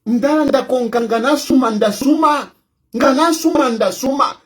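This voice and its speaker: A man with a Zambian accent rants about politics, defiant and mocking, hammering his points home again and again. His voice sits high and swings widely in pitch, with sudden bursts of shouting. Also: sing-song, moderate pace. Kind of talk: combative political rant.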